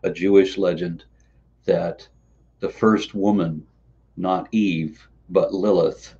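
A man's voice: low voice, fairly even intonation, slow pace, dark tone, lo-fi sound. A man hosting a casual interview, telling stories and asking questions with a rambling way of talking that stumbles over repeated words. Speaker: host.

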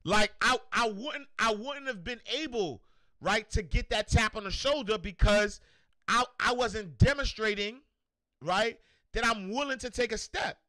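A man hosting a motivational livestream, animated and slangy, repeating himself and shouting out viewers. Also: high voice, measured pace, dry recording, studio quality. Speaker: show host.

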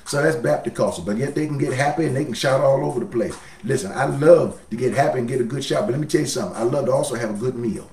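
A man's voice: medium pitch, lively intonation, brisk, hardly any pauses, darkish tone, reverberant, distant mic, soft background music. A man preaching a sermon as pastor, folksy, his voice swelling up and dropping down.

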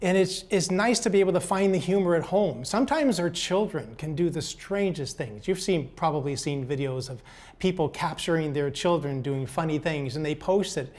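An older man giving a motivational talk, telling gentle, folksy stories and often repeating words as he goes. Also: fairly high pitch, normal speed. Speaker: speaker.

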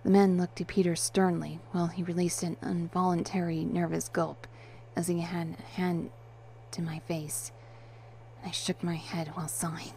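A woman's voice: lowish voice, little pitch movement, normal speed, vocal fry, dark tone. A woman narrating a first-person story in a dry, wry and detached manner.

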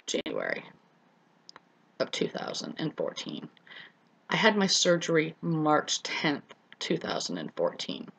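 A woman's voice: low-pitched, vocal fry, breathy edge, poor audio. A middle-aged woman telling her own story in an earnest personal vlog, speaking straight to her viewers as friends and repeating words for emphasis. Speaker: vlogger.

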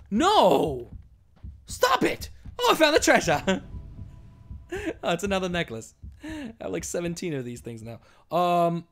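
Man, let's play commentary, excitable, lively pitch, yells and mutters, faint noise. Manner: excitable, swings between yelling and muttering. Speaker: gameplay commentator.

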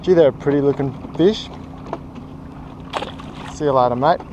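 A young Australian fishing vlogger floats on a small raft on open water, keeping up a chatty, joking, self-mocking running commentary. His medium-pitched voice goes at a normal speed, with music in the background and dull, noisy audio.

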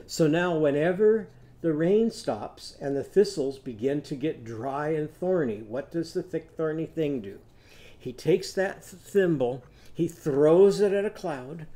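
A man teaching a children's phonics lesson, telling a short story and leading simple songs for young learners to repeat. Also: a little high. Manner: animated, coaxing, sings lines for children to echo.

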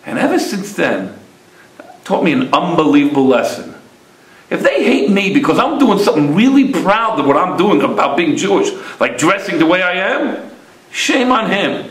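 A man's voice: high-pitched, big pitch swings, moderate pace, a bit bright, reverberant, rough recording. A man in his fifties telling a personal story as a religious lesson, acting out the voices of the people in it. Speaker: religious teacher.

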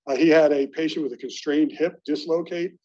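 A middle-aged man from Baltimore, United States, speaks briskly and warmly at an alumni meeting, his high-ish voice fairly even in intonation. He tells self-deprecating stories to colleagues in a conversational way, captured on a dull lo-fi recording.

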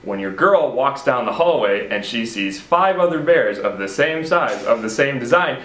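A man's voice: medium pitch, animated, normal speed, hardly any pauses, fairly bright tone. A man hosting a comic advice segment on a school show, wry and lecturing. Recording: echoey room.

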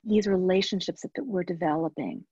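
A woman with a husky, breathy voice tells a personal story at a webinar in an earnest way and circles back on her phrases. The sound is dry and a little dull, like muffled webinar audio. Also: fairly low pitch, a little fast, no echo. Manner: earnest storytelling, with repetitions and soft trailing asides. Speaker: webinar speaker and NICU parent. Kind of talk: personal story within a professional talk.

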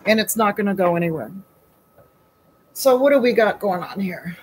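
A woman's voice: mid-range voice, animated, normal speed, a little mellow, slight background noise, poor audio. A woman hosting a chatty baking demo from her home kitchen, asking rhetorical questions and calling her viewers sweetie and honey. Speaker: home baker and host.

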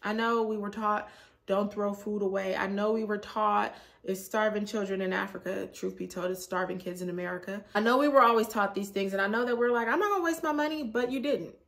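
Woman, sore throat, animated casual vlog chat, laughs often. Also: mid-range voice, fairly quick, vocal fry. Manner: animated, laughs often, acts out her own reactions. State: sore throat after a cold. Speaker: vlogger.

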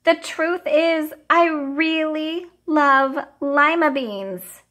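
A woman voicing a stubborn young girl in a storybook read-aloud, speaking high and excited. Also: slow pace, heavily acted. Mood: pleading.

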